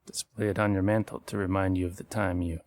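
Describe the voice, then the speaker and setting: A man narrating a tabletop horror game as game master, relaxed and often laughing. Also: sits low, fast talker.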